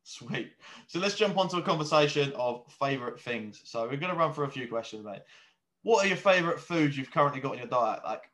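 A young man hosting a casual chat, asking questions in a relaxed way and agreeing with short "yeah"s. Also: mid-range voice, a little fast. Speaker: host.

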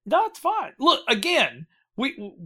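A man hosting a loose, casual podcast chat. His voice is bright and clear, and he rambles, laughs and swears freely as he runs the vote. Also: very high voice, huge pitch swings, takes it slowly. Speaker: podcast host running a bracket vote.

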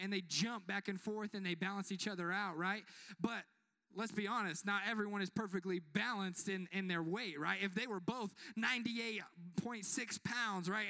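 Bright high-voiced man preaching. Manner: conversational, joking, asks the crowd for amens. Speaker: pastor. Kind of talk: sermon.

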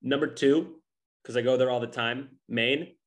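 A man's voice: medium pitch, fairly even intonation, measured pace. A young man from New England, talking loosely in casual chat with lots of fillers.

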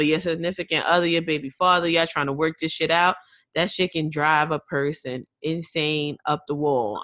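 A woman's voice: sits low, fairly bright tone, dry recording. A woman co-hosts a casual podcast, giving earnest advice in a frank way, with casual swearing. Her voice sits mid-range and sounds dry and close, with no room around it. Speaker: podcast co-host.

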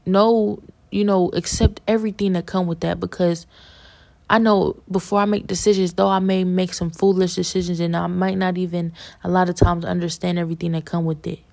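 A woman's voice: fairly low pitch, flat delivery, a little fast, creaky, darkish tone. A woman giving a fervent, preachy religious testimony as a podcast guest, repeating herself as she urges listeners.

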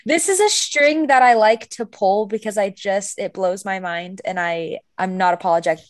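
A woman's voice: mid-range voice, normal speed, no room sound, clean studio sound. A woman hosting a casual fan podcast, chatty and playful, rambling with many restarts. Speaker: podcast host.

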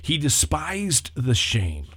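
A man, a pastor on a church talk show, chatting casually and telling stories with lively acted-out asides. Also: on the high side, slow pace, slightly rough. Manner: animated storyteller, acts out quoted people.

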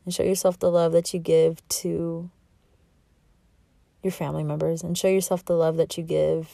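A woman's voice: low-pitched, little pitch movement, moderate pace, vocal fry, warm tone, dry recording. A woman in her twenties hosting a solo podcast, talking in a candid, rambling, heartfelt way about herself and her feelings. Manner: rambling, heartfelt, self-reflective, with laughs. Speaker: podcast host.

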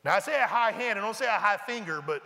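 A man preaching a sermon, reading scripture aloud and explaining it in animated, conversational asides. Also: high-pitched, fast talker, slight background noise. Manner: animated, conversational, breaks into asides and mimics characters. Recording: long reverb of a large hall.

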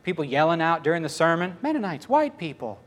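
Male preacher, high voice, very animated delivery, tells stories and acts out the dialogue. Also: brisk. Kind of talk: storytelling sermon.

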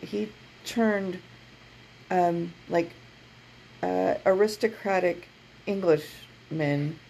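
Woman, low voice, strong vocal fry, casual storytelling, acts out quotes. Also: very slow, a little hiss or hum, rough recording. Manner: animated, laughs mid-story, acts out quotes. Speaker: podcast co-host. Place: her office.

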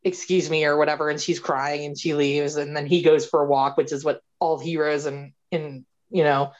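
A woman with a fairly low voice co-hosts a podcast, recapping a movie in loose, animated chat. She laughs often and acts out bits of dialogue. The recording sounds somewhat dull and lo-fi. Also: moderate pace. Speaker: podcast co-host.

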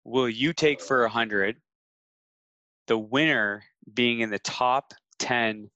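A man from Canada co-hosting a podcast, talking in a measured, stats-minded way in casual chat. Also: mid-range voice, sharp tone, no room sound, lo-fi sound. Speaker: podcast co-host.

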